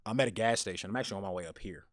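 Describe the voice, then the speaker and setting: A man telling a personal story on a podcast, animated and often repeating words as he goes. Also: on the low side, very fast, dry recording, clean studio sound.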